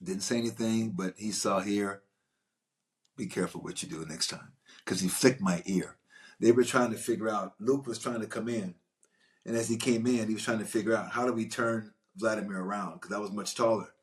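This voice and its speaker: Low-voiced guy rambling thru a movie-set story, lots of restarts, animated. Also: fairly quick. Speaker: actor guest recalling a film shoot. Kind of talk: casual anecdotal storytelling.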